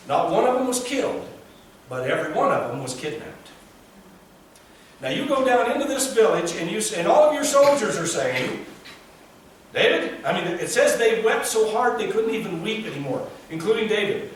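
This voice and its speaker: High-voiced man preaching in an echoey hall. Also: normal speed, a little hiss or hum. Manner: animated, acts out biblical voices with rising pitch. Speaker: pastor. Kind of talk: sermon. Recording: echoey distant room recording.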